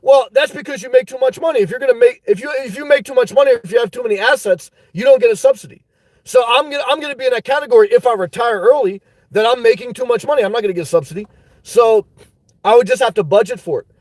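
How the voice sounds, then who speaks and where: A middle-aged man from the United States hosting a casual livestream, rambling and joking, breaking into shouts. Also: very high-pitched, quick pace, no room sound, rough recording. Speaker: livestream host.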